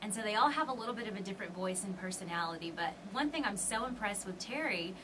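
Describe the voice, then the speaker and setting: A young woman with a Southern US drawl answers questions with bright eagerness. She sounds a little far from the microphone. A steady hiss of background noise sits under her voice. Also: medium pitch, quick pace. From Arkansas. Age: young adult. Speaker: guest ventriloquist. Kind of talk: radio interview. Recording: distant mic with background noise.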